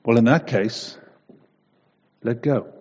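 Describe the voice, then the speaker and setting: A man doing a calm voice from heaven. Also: medium pitch, breathy edge. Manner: calm, measured. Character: calm powerful male voice from heaven. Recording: muffled echoey hall.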